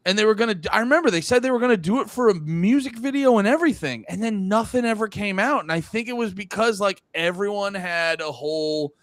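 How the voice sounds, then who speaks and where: A man's voice: high-pitched, lively intonation, fast, hardly any pauses, dry recording. A young man co-hosting a podcast, chatting loosely, swearing and restarting his sentences. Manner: loose, profane, rambling with restarts. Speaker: podcast co-host. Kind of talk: casual chat.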